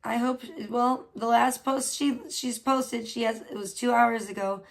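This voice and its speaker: A woman's voice: fairly high pitch, fairly even intonation, unhurried, vocal fry. A woman livestreaming from home in casual chat, gossiping and swearing freely while scolding her pet cat. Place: at home indoors.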